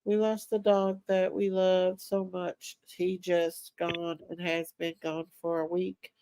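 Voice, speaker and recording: A woman's voice: fairly low pitch, little pitch movement, takes it slowly, warm tone, a little hiss or hum. A middle-aged woman, hosting a casual live stream and talking to her viewers in an emotional, affectionate way. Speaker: livestream host.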